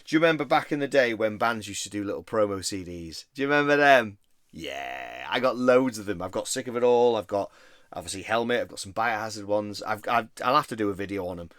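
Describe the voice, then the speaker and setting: Lower-voiced man, chatty collector vlog, dry close recording. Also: expressive, a little fast, a bit bright, no echo. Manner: chatty, rambling, easily enthused. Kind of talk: casual show-and-tell vlog.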